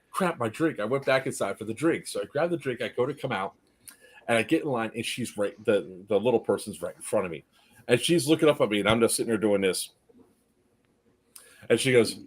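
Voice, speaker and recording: A man in casual chat, telling a story with energy and acting out the people in it. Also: mid-range voice. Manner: animated, acts out the people in his story.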